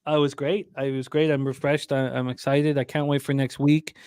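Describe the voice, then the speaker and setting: A man of middling pitch co-hosts a casual sports-betting show and calls virtual horse races, his voice climbing with excitement. The sound is dry and close, with no room around it. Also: brisk, clear, resonant tone, no room sound. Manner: rising excited race calling. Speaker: co-host. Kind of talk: casual chat and horse-race commentary.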